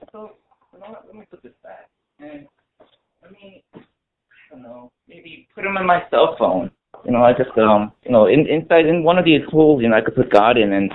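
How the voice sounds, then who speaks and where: A man's voice: medium pitch, expressive, a little fast, a little hiss or hum. A man preaching a casual sermon to a small group, talking conversationally with many fillers and restarts. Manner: conversational, full of "you know" fillers and restarts. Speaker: pastor. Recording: tinny phone-like lo-fi recording.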